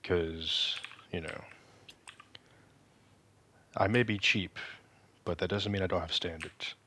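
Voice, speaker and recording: Deep-voiced man rambling over gameplay. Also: fairly even intonation, bright, forceful tone. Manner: rambling, joking, self-deprecating; halting, frequent restarts. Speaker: gaming video creator. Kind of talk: casual gameplay commentary.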